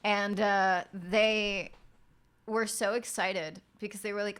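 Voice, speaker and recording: A woman's voice: mid-range voice, steady tone, takes it slowly, a bit bright. A young woman streamer chatting casually and frankly late at night, swearing often and rambling through stories.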